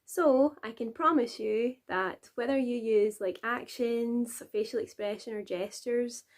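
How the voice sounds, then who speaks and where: A woman's voice: fairly high pitch, unhurried. A woman with a Glasgow accent, a nursery teacher chatting encouragingly as she explains a children's rhyme to adults. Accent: Glaswegian. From Scotland. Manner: chatty and encouraging, with frequent laughs. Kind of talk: friendly tutorial for adults.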